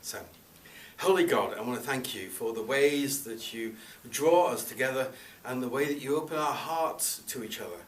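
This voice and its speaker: Brief: pastor, calm measured prayer, roomy church, distant mic. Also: male voice, medium pitch. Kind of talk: opening prayer and introduction. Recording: echoey church, from far off, faint noise.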